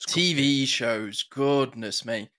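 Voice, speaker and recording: Bright-voiced man chatting. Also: medium pitch, takes it slowly. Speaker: podcast co-host. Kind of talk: casual chat.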